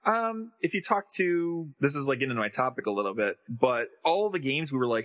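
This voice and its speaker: A man co-hosting a podcast, chatting casually and excitably with lots of filler words. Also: medium pitch, fast, few pauses. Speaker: podcast co-host. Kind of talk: casual chat.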